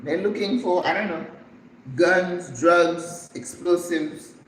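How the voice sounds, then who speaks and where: An older woman hosting a cooking channel, telling a story in a lively, dramatic way as she cooks and acting out the people in it. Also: on the low side, slow. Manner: animated, dramatic storyteller who acts out the people in her story. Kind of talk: casual storytelling while cooking. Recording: echoey room with faint background noise.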